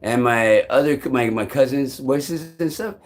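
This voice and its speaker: Rambling restlessly on a live stream, a man swears frequently and shifts between loud outbursts and low mutters as he vlogs. His pace is measured.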